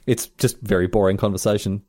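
A man co-hosting a podcast in casual chat, jokey and animated, acting out quotes in raised voices. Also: lowish voice, brisk, no echo. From Australia. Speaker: podcast co-host.

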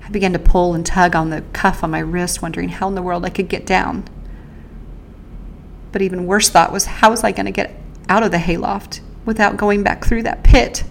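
Low-voiced woman telling her own story. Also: fairly even intonation, creaky, slight background noise. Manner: earnest, halting, with pauses and restarts; speaks of faith and prayer. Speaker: podcast host recounting her own survival. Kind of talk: first-person personal storytelling.

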